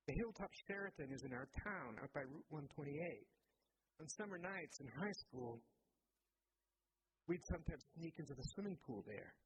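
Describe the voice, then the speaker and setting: A male author talking casually about his novel with lots of filler words, then reading from it in a steady, measured way. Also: on the high side, a little hiss or hum, poor audio. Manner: casual and halting in talk, full of "like" and "you know".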